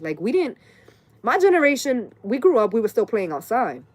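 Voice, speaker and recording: A woman's voice: fairly high pitch, very animated, normal speed. Profane, rambling woman in her late thirties. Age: late 30s. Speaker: tarot reader. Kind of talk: casual live-stream rant.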